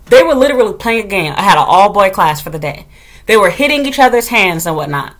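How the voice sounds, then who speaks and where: A blunt woman venting straight to camera about a hard day of substitute teaching. She talks in loose slang and swears freely, with a mid-range voice. She gets louder and more heated whenever she relives telling someone off. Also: mid-range voice, fast talker. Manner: animated, gets loud when retelling scolding. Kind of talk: casual storytelling rant to camera.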